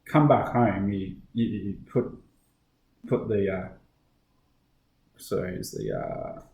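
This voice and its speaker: A man's voice: fairly low pitch, huge pitch swings, slow, vocal fry, darkish tone, roomy sound, a little hiss or hum, low-quality recording. A middle-aged Australian police officer with an Australian accent, telling his story in a casual podcast interview, full of fillers and restarts.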